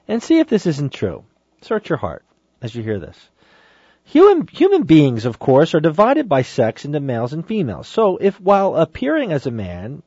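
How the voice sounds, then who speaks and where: A man delivers a spoken Catholic teaching with emphatic, exhorting conviction, his pitch swinging widely as he presses each point. He reads quoted passages aloud in the same voice. The recording is dry and slightly dull, like a lo-fi home setup. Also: mellow, no echo. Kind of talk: spoken teaching on a saint's sermon.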